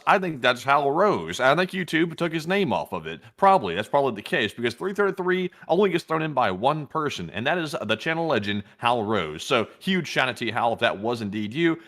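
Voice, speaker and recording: A man's voice: a little high, fairly bright tone. A man co-hosting a livestream, talking in a casual, hesitant way with many fillers. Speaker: co-host. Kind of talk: livestream chat.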